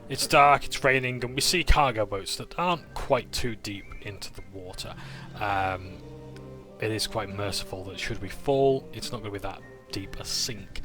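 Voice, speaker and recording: A man's voice: fairly low pitch, normal speed, over music. A man casually recapping a tabletop game session, with frequent "uh"s and self-corrections as he narrates.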